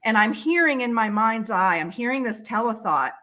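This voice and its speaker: A woman, a guest on a talk show, telling a personal story with lively, emotional delivery. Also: fairly high pitch, moderate pace. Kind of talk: storytelling in a casual interview.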